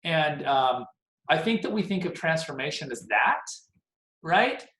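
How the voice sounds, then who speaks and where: A man in his forties leads a team meeting over a video call, talking in an animated, rambling way with a self-deprecating edge. His voice sits a little high and jumps around a lot in pitch. The call sounds roomy and echoey. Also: unhurried. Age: 40s. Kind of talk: casual motivational talk on a video call.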